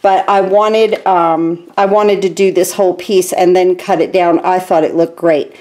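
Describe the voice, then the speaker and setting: A woman's voice: on the low side, fairly even intonation, unhurried, darkish tone. A woman in her fifties, a stamping demonstrator giving a chatty, enthusiastic card-making tutorial from her home craft room, with frequent ums along the way.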